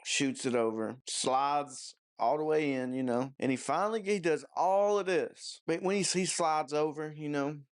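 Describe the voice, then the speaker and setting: A man's voice: fairly high pitch, a little slow, hardly any pauses, smooth. A man giving a casual, rambling movie review, mocking and profane, with lots of "you know" and "I don't know" fillers.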